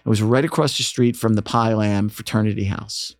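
A man's voice: on the low side, brisk, no echo. A man telling stories about his radio station work in a casual interview, acting out quotes with a raised voice. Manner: animated storyteller, acts out quotes in raised voice. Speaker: radio station staffer and guest.

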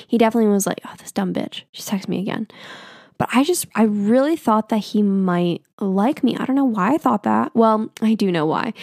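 A woman's voice: mid-range voice, darkish tone, no echo, studio quality. A young adult woman telling personal stories in a casual, profane, self-mocking way, full of filler words. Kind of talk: casual storytelling monologue.

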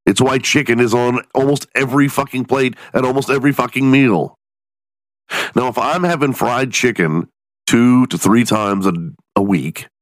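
A man from Texas hosting a podcast, ranting in a profane, animated way and acting out the people in his stories. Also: medium pitch, no room sound. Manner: profane, animated storytelling with mock voices. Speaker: podcast host. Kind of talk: casual comedic podcast rant.

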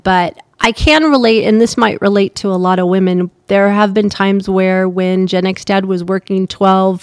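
A middle-aged woman co-hosting a podcast, with a mid-range voice recorded close and dry. She speaks candidly and with sympathy, adding quick asides as she talks. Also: medium pitch, no room sound. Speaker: podcast co-host. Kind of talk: casual chat.

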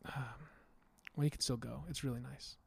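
A young man talks through his plans in an easy, rambling way, chuckling now and then. His voice sits at an ordinary middle pitch. The room sound is dry and close. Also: moderate pace, creaky, breathy edge, no room sound. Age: young adult. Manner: relaxed, rambling, laughs often. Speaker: musician guest. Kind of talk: casual conversation.

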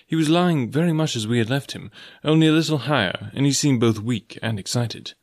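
A man hosting an audiobook channel, giving a friendly, upbeat introduction before reading the story aloud at a steady pace. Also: medium pitch, fairly quick. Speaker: audiobook host and narrator. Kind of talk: audiobook narration.

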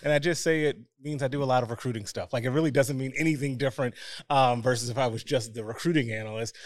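An upbeat male guest rattles along quickly with self-deprecating humor. His voice sits a bit high, and the sound is close and dry. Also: dry recording. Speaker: recruiting analyst, podcast guest. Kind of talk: casual podcast interview.

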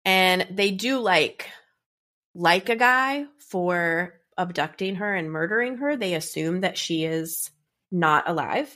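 A woman's voice: fairly low pitch, animated, slow, pushed and bright. A woman in her thirties talks in a loose, rambling way, leaning on filler words. Her voice sounds stuffy and congested, as if she has a cold. She records from a closet at home in casual podcast chat. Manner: chatty, rambling with many "like"s. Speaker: podcast co-host.

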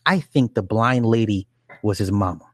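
A man's voice: fairly low pitch, moderate pace. A man casually retelling a story in a rambling, profane way, with frequent restarts and asides. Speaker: film recapper. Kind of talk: casual chat.

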